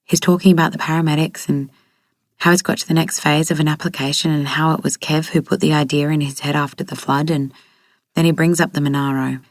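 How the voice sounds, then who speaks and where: A woman narrating an audiobook in a steady, even way. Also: low voice, fairly quick, dry recording, studio quality.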